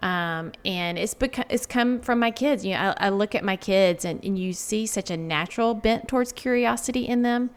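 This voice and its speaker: A woman's voice: mid-range voice, moderate pace, few pauses, clean tone. A woman in her forties, a guest author, talking reflectively in a casual interview with many filler words.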